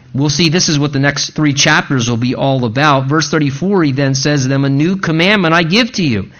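A man preaching a sermon, his voice sitting a little high for a man. He stresses points by repeating them and slips into quoted asides. The recording sounds dull and lo-fi. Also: a bit bright. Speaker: pastor.

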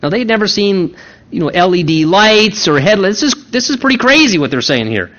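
Higher-voiced preacher, dull lo-fi recording. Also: male voice, very animated, fairly quick, a bit bright. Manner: conversational, emphatic, repeats key words. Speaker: pastor. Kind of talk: sermon.

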